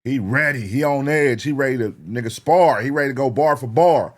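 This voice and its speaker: Slangy, animated man reacting on camera. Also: mid-range voice, fairly quick. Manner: animated, slangy, repeats himself, asks the viewers. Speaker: reaction video host. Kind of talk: casual reaction commentary.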